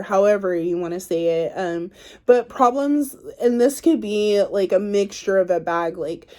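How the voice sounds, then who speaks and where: Woman tarot reader, casual solo video, slow unhurried delivery, rambling with plenty of filler. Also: mid-range voice, warm tone. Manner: chatty, rambling, filler-heavy. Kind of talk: casual pick-a-card reading.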